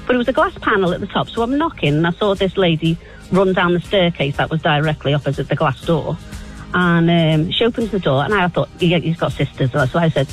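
A woman calling into a radio show, telling a funny story and jumping her voice high when she quotes herself. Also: brisk, soft background music, rough recording. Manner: animated, voice jumps high when quoting herself. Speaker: caller.

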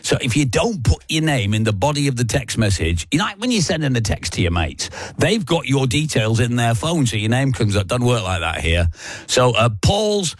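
A man's voice: mid-range voice, sing-song, moderate pace, no room sound. A man presenting live radio, reading out listener messages in a chatty, self-mocking way and chuckling often. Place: radio studio.

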